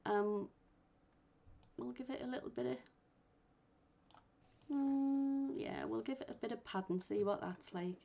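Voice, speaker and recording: A woman instructor guiding learners step by step through a software tutorial, thinking aloud as she works. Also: a little high, a little slow, gravelly, pauses often. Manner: patient, thinks aloud while working. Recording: muffled lo-fi recording.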